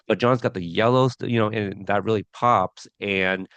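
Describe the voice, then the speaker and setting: A man's voice: on the low side, fairly even intonation, moderate pace, fairly bright tone, smooth, dry recording, dull audio. A man co-hosting a podcast review of a TV episode, talking casually with lots of fillers and restarts. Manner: chatty, many fillers and restarts.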